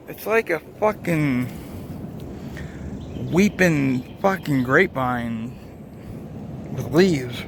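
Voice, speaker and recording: A man's voice: medium pitch, measured pace, long pauses, background noise. A man who drives trucks, rambling casually and swearing a lot as he walks along a lakeside and films on his phone. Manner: rambling, swears constantly, wandering thoughts. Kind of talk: casual walking vlog. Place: outdoors at a lakeside rest area. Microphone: handheld phone.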